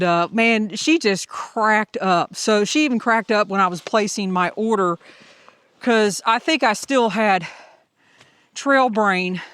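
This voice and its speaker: A middle-aged Southern woman narrates her hiking day in a cheerful, talkative audio vlog. Her voice is smooth and resonant. The recording is dry and close. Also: medium pitch, fairly bright tone, no room sound. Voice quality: upbeat, chatty storyteller. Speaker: hiker vlogger.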